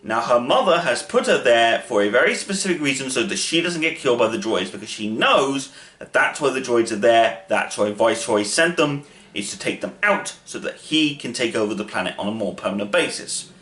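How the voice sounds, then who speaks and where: A man's voice: mid-range voice, lively intonation, brisk, a bit bright. Chatty man in an echoey room. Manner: chatty, rambling, with asides and fillers. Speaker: channel host. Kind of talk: casual story retelling. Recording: roomy echo.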